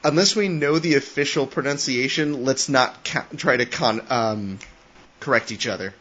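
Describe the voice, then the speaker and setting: A man's voice: mid-range voice, moderate pace, fairly bright tone. A man co-hosting a casual book discussion podcast, joking and laughing often. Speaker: podcast co-host.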